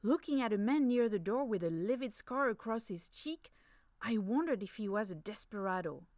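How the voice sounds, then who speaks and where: A woman narrating a story in the first person, expressive, slipping in playful French phrases. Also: mid-range voice, moderate pace, no echo, clean studio sound.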